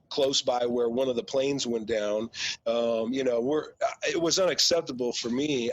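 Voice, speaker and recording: A man and former football player telling a story on a podcast in a casual, animated way, cursing and laughing now and then. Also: mid-range voice, husky. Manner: animated, profane, laughs while recounting. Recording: dull lo-fi podcast audio.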